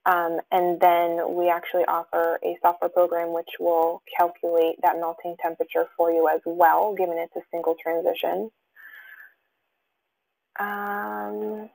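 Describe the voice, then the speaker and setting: A woman's voice: fairly low pitch, flat delivery, measured pace, creaky, darkish tone, rough recording. A woman presenting a webinar, reading out audience questions and answering them, with many fillers and restarts. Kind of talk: live webinar Q&A.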